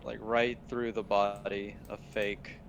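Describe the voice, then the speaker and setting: A man's voice: fairly low pitch, little pitch movement, slow, creaky, a little hiss or hum. A young man narrating as game master in a laid-back, matter-of-fact way.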